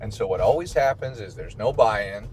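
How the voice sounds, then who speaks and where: A man with a Midwestern American accent, a priest hosting a casual chat during a car ride and telling stories with lively quotes. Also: on the low side, normal speed, soft background music. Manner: chatty, storytelling with mimicked quotes. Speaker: priest and podcast host.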